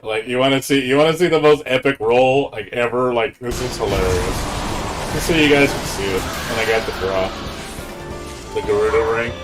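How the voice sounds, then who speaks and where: A man's voice: medium pitch, a little fast, over loud music. A man streaming games, chatting casually, swearing a lot and rambling through his thoughts. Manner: profane, laughing, rambling. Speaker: game streamer. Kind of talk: casual live-stream chat.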